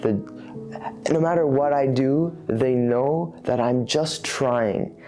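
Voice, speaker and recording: A man's voice: medium pitch, slow pace, dark tone. Man, candid interviewee; rambling, thoughtful delivery with restarts, faint music bed. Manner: rambling, reflective, with frequent fillers and restarts.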